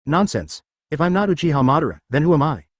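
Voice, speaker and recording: A synthetic male reader voicing a cold, cocky male ninja who hides his identity, read in an even manner. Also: a little high, fast talker, no room sound, clean studio sound.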